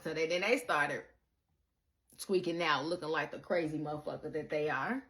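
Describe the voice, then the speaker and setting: A woman giving a casual spiritual monologue to her viewers, animated and profane, calling the listener baby and acting out the people she quotes. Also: deep voice, moderate pace. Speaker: spiritual content creator.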